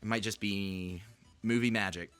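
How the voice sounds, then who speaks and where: A man's voice: fairly low pitch, fairly even intonation, normal speed, a bit bright, clear, resonant tone, no room sound, soft background music. A man hosting a podcast, chatting casually and teasing his co-host in playful banter. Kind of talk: casual chat.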